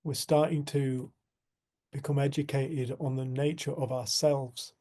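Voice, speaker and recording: A man leading a community group, speaking in a reflective spiritual talk and telling a story in an earnest, unhurried way. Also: medium pitch, flat delivery, dark tone.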